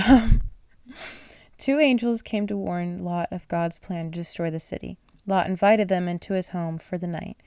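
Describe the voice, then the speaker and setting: A woman's voice: lowish voice, moderate pace, a little mellow, clean tone, dry recording, clean studio sound. A woman reading a children's bible aloud at bedtime, sleepy and yawning, often stumbling over words and apologizing. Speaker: reader.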